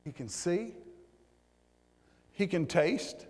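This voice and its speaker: A man preaching a fiery sermon, repeating words and rising into shouts. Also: high voice, lively intonation, very slow. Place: church. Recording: church hall with long reverb.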